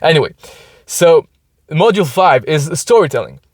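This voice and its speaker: Sitting in a hot car and feeling overheated, a male podcast host explains things in casual solo talk, thinking aloud and restarting often. His voice is on the high side and very animated at a normal speed, recorded in studio quality with no room sound.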